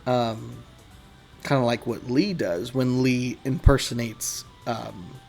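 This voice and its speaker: A game developer talks through his work in a relaxed, rambling way, often poking fun at himself. His voice is a man's at middle pitch with a gravelly edge, unhurried. Faint game music plays under him. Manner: rambling, self-deprecating, laughs often. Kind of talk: casual behind-the-scenes commentary.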